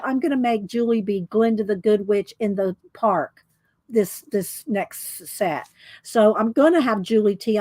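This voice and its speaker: Chatty woman with a fairly high voice. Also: no room sound. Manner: rambling, chatty, thinks aloud with many fillers. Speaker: livestream host showing her art. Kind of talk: casual livestream chat.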